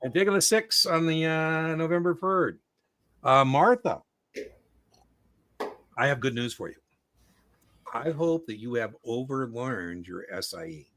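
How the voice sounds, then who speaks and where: A man hosting a casual livestream Q&A as an exam prep coach, chatty and animated, telling stories. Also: mid-range voice, unhurried, long pauses.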